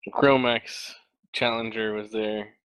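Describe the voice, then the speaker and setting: A man speaking as a player in a tabletop game, halting and restarting his sentences. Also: lowish voice, little pitch movement, a bit bright, smooth, dry recording, low-quality recording. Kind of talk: casual tabletop play.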